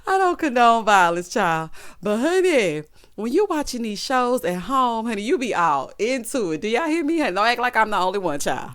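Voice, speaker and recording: A young adult woman giving a sassy, animated recap of a TV episode, tossing in "child" and "honey". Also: a little high, moderate pace, hardly any pauses. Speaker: TV recap vlogger. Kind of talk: casual TV recap commentary.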